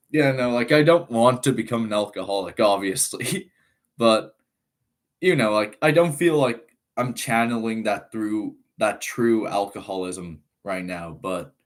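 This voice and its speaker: A nineteen-year-old man from Ireland, but his accent sounds American. He chats on a live stream in an unhurried, rambling way, reading out comments and padding his talk with fillers. His voice sits a little low, and his pace is slow and drawn out. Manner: laid-back, rambling, reads chat aloud, frequent laughs and fillers. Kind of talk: casual live-stream chat.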